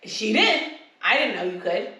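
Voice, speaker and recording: A woman's voice: a little high, sing-song, normal speed, sharp tone. A woman co-hosting a podcast, chatting casually and rambling as she acts out what people said. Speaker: podcast co-host. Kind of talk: casual chat. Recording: echoey room, distant mic.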